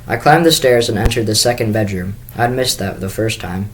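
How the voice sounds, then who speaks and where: A man's voice: lowish voice, fairly quick, low-quality recording. Man reading a children's book aloud. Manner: first-person storytelling with small restarts. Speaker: school staff reader.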